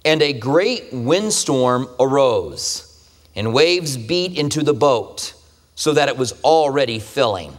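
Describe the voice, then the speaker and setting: A pastor with a mid-range voice preaches a conversational sermon, slow but animated, posing rhetorical questions to his listeners. The recording carries a long hall reverb.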